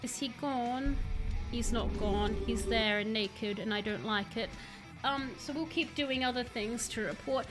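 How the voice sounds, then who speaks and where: A woman's voice: a little high, unhurried, music in the background. A woman streaming a horror game live, chatting jumpily to her viewers as she plays at her computer at home. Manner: jumpy, chatty, talks to chat. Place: home room, playing at a computer.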